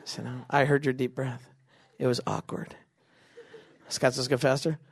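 A young man leading a big youth crowd through a game, joking and doing quick silly voices. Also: mid-range voice, flat delivery, creaky, husky, no echo, clean studio sound. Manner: goofy, quick asides, acts out voices. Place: event venue with a live audience.

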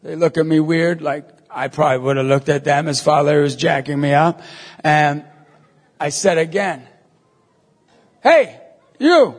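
Husky high-voiced man preaching in a hall. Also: normal speed. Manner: animated, acts out dialogue, emphatic. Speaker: Catholic evangelist speaker. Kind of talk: storytelling sermon.

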